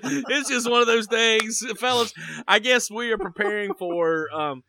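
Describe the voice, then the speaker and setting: A man's voice: high-pitched, unhurried, pushed and bright. A man hosting a casual podcast, joking with his co-hosts. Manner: joking, puts on a Southern drawl at first. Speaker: podcast host.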